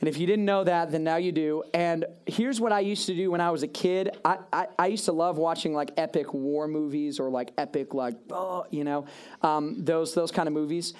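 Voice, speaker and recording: A young man giving a casual, animated sermon to a youth group, with self-deprecating asides. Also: fairly high pitch, normal speed, clean tone. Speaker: youth pastor. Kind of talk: animated sermon retelling a story.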